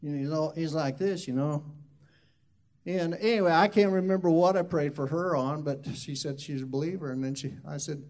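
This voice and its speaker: A man's voice: on the high side, normal speed, darkish tone. A man who is a minister, telling a loose, rambling testimony story full of asides.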